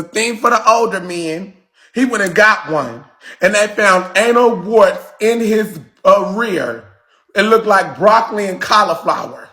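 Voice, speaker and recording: High, bright-voiced man ranting angrily. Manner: shouting, cursing, confrontational. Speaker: livestream host. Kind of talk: heated livestream rant.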